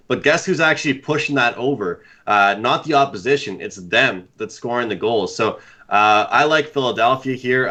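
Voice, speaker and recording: A man's voice: mid-range voice, bright, forceful tone. A man giving casual sports betting analysis as a panelist, rambling steadily with lots of "you know". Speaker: panelist handicapper.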